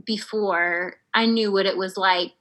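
Woman guest chatting, bright voice, kinda breathy, laughs a lot while telling her story. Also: medium pitch, a little slow, rough recording. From United States. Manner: animated, laughs often, many fillers. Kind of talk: casual storytelling.

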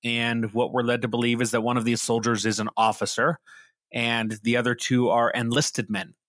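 A man who is a podcast guest, telling a film scene in an animated way during casual chat. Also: mid-range voice, normal speed, dry recording, studio quality.

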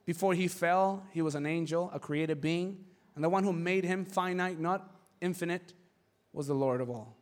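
Animated high-voiced male preacher. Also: moderate pace. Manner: animated storytelling with acted voices; emphatic, rising to shouts. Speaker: pastor. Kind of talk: sermon.

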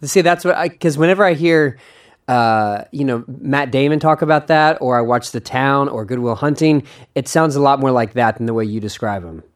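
A man's voice: mid-range voice, normal speed. Eager rambling young male podcast host. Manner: eager, rambling, self-correcting, laughs often. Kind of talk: casual interview chat.

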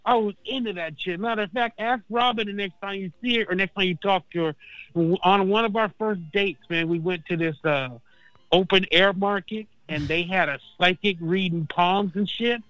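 A man calling in who tells a long story in a casual, animated way, swearing freely and saying "man" and "dude" all the time. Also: high voice, normal speed, no echo, rough recording. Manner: animated, profane, says man and dude constantly. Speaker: phone-in guest. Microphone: phone line.

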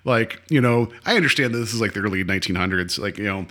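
A man co-hosts a casual podcast, retelling an episode with animated, mocking asides. His voice is bright and forceful, and he slips into goofy impressions of the characters. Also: lowish voice, quick pace. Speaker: podcast co-host. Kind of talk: casual chat recapping an episode.

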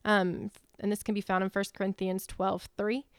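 A woman's voice: mid-range voice, level tone, moderate pace, clear, resonant tone, no echo. A woman co-hosting a church talk, steadily reading out a list of teaching points and citing verses one after another. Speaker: church co-host.

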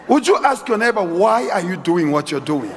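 A middle-aged man preaching a sermon as guest preacher in a large church hall, swinging from quiet asides to shouted exhortation. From South Africa. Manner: animated, shifts from low asides to shouted exhortation. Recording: husky voice with long church-hall reverb.

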